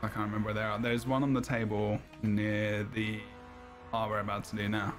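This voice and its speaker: A man's voice: lowish voice, little pitch movement, brisk. A man hosting a gaming podcast, easygoing and chatty, laughing often as he talks. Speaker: podcast host. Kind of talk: casual gaming chat. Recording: loud game music behind.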